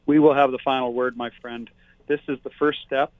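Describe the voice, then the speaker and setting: A man's voice: medium pitch, steady tone, a little fast, no echo. A man from Alberta speaking as a politician calling in to a talk show, emphatic and indignant, repeating his points. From Alberta, Canada. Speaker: politician, phone-in guest. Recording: dry, tinny phone line.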